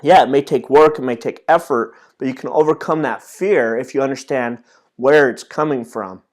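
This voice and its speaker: A man's voice: mid-range voice, normal speed. A man in his thirties giving a casual motivational talk as a self-improvement trainer, earnest and storytelling, with frequent restarts. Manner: earnest, storytelling, many restarts and repeated words.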